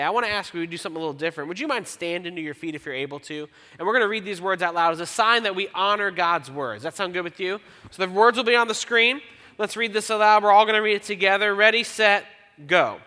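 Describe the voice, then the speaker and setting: A man's voice: a little high, pushed and bright. Guy pastor giving a sermon, chatty and joking on himself, lots of hall echo. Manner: conversational and self-deprecating, reads scripture slowly. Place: church auditorium. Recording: long church hall reverb.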